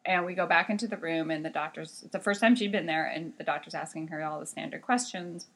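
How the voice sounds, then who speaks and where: A woman who works as a sign language interpreter, recounting stories from her job in an interview with emphatic, animated delivery and frequent restarts. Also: sits low, fast.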